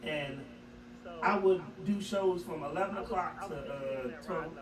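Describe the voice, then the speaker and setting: High-pitched guy on a talk radio show, telling cussing stories and cracking up, sounds far off in an echoey room with a crowd behind. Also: measured pace. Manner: animated, profane storytelling with laughter. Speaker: radio show co-host and engineer. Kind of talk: casual storytelling chat.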